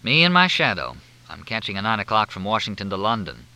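A man's voice: fairly low pitch, wildly swooping pitch, fairly quick, pushed and bright, full character voice, rough recording. A man reading aloud, voicing a curt young woman journalist with a dry manner.

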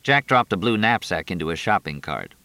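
A man narrating an audiobook with expressive storytelling and a measured rhythm through long lists. His voice is lowish, bright and forceful, with lively pitch movement. The recording is dry and close. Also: no room sound.

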